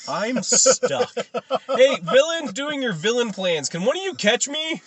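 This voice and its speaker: A man's voice: very high voice, big pitch swings, measured pace, a bit bright, a little hiss or hum, voice pushed up, full character voice. A man voicing a dim young male speedster hero who is stuck and pleading comically for help. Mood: whiny.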